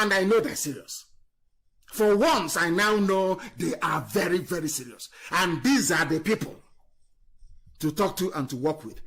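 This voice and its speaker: Fiery man, high voice. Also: breathy edge. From Nigeria. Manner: fiery, scornful, swings between loud declarations and low muttering. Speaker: activist leader on a live broadcast. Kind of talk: impassioned political speech.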